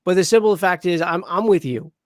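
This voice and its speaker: A man's voice: sits high, brisk, dry recording, clean studio sound. A man co-hosting a casual show review, rambling with lots of false starts and restarts. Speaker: podcast co-host.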